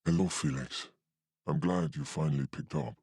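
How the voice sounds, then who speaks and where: A cold, hard caller, as a man puts him on for a story reading, his voice sunk extremely low and dark. A husky, rasping grain and a slight Spanish accent make him sound menacing and distant. The tone stays flat and threatening. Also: moderate pace, dry recording, heavily acted.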